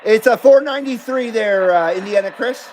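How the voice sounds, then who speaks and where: A man's voice: high-pitched, normal speed, a little mellow, poor audio. A man running a live CB radio stream at home, talking bluntly, swearing freely and laughing often. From Nevada, USA. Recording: radio static hiss behind the voice.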